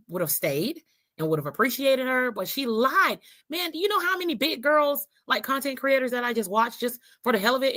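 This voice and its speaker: A woman's voice: mid-range voice, pushed and bright, no echo. A woman in a clip from another creator's video, talking emphatically and indignantly with rhetorical questions. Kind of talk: casual commentary video.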